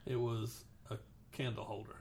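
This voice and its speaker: A woman's voice: very deep voice, flat delivery, moderate pace, a little mellow. A woman co-hosting a casual podcast chat, explaining things step by step. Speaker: podcast co-host.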